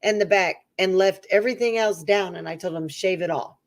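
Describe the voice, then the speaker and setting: Animated woman telling a story. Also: mid-range voice, brisk. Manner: animated storyteller, acts out quoted voices. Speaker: co-host. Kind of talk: casual storytelling chat.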